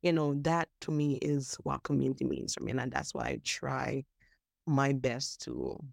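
Low-voiced woman, earnest. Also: moderate pace, vocal fry, no room sound, clean studio sound. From Caribbean. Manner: earnest, animated, laughs often, restarts words. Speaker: podcast guest, mental health advocate. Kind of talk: casual interview chat.

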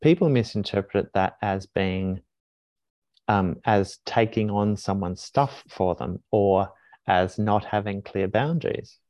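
A man's voice: lowish voice, slow, a little mellow, dry recording. A man in his forties, a heart coach, explaining ideas in an earnest, reflective way with frequent restarts. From Australia. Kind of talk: reflective conversational teaching. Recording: dull, dry podcast recording.

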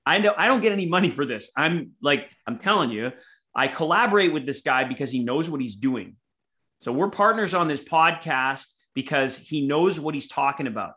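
A man with a fairly high voice co-hosts a sales podcast. He speaks emphatically, like a coach. He turns to the audience to make his points. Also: lively intonation, normal speed, sharp tone. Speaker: podcast co-host, sales mentor. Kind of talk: podcast conversation.

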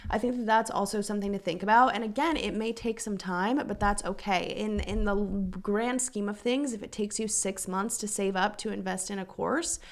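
A woman's voice: medium pitch, moderate pace, few pauses. A young adult woman hosting a podcast, talking casually and earnestly, with fillers and a voice that keeps cracking. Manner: earnest, chatty, encouraging, with frequent fillers. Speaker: podcast host and business coach. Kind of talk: casual solo podcast talk.

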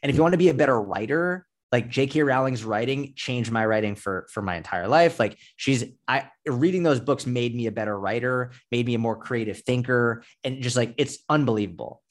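A man in his thirties talks as a podcast guest in easy, animated chat. He leans on "like" and drops casual swears. His voice sits at an ordinary middle pitch for a man. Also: a little fast, few pauses. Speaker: podcast guest, fitness coach.

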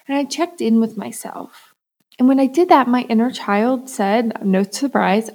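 A young adult woman hosting a podcast, talking in a soft, calm, unhurried way about a gentle morning routine. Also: fairly high pitch. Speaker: podcast host, self-love coach. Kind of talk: gentle reflective monologue.

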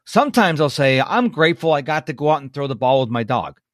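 A man hosting a podcast, telling family stories in a casual, animated way. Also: a little high, fast talker, dry recording, clean studio sound. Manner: animated storyteller, quotes family members in lively voices. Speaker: podcast host.

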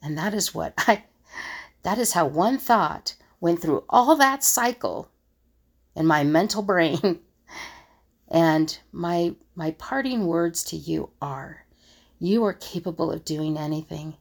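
A woman's voice: lowish voice, takes it slowly, gravelly. A woman who works as a conflict resolution coach, thinking aloud in a solo monologue and acting out the scoffing remarks people make. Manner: musing, acts out others' scoffing remarks.

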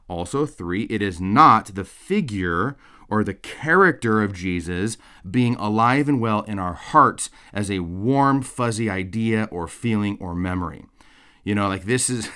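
A man's voice: on the low side, fairly bright tone, smooth. A man giving a recorded theology lecture in a conversational way, often checking in with "okay?" and "right?". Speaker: course lecturer.

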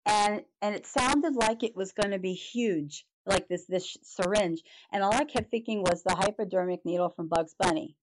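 A middle-aged woman, a podcast guest, telling a personal story in an animated way, with halting restarts and acted-out reactions. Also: medium pitch. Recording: noticeable background noise.

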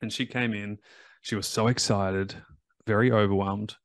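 Low-voiced emphatic male coach. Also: steady tone, moderate pace, dry recording. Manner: emphatic, repeats key phrases. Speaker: recovery coach and podcast host. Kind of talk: motivational podcast talk.

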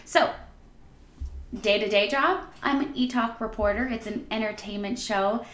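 A woman hosting a podcast, introducing the first episode in a bubbly, excited, emphatic monologue with a high, squeaky voice. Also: measured pace, reverberant. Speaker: podcast host.

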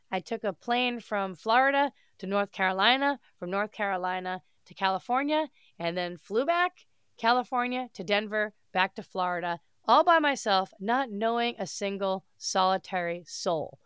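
This is a solo podcast monologue from a woman host whose medium-pitched voice sounds clean but nasal because of a head cold. She's upbeat and gushing, casual, and swears mildly, all captured in clean studio sound without any room sound.

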